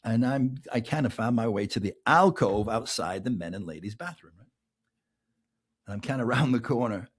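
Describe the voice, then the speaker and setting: A middle-aged man with an English accent hosting a podcast, telling a long personal anecdote in a lively way and often asking "right?". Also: mid-range voice, moderate pace, slightly rough. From England. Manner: animated anecdote telling, keeps adding "right?", laughs between lines. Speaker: podcast host. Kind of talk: casual storytelling monologue.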